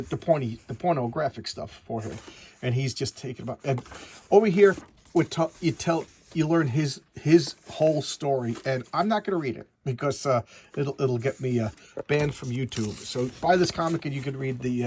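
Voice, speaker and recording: A man's voice: mid-range voice, a little mellow, breathy edge. A man giving a casual, chatty comic book review, rambling through the story with frequent restarts.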